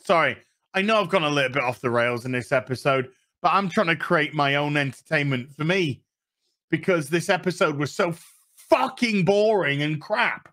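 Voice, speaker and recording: A man's voice: fairly high pitch, moderate pace, fairly bright tone. A man with a Yorkshire accent ranting sarcastically through a TV episode review, swearing often. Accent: Yorkshire English. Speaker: TV review vlogger.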